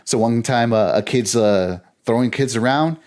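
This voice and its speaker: A man's voice: mid-range voice, normal speed, darkish tone. A man, a podcast guest, telling a casual rambling story with frequent restarts. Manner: rambling, with many restarts and laughter.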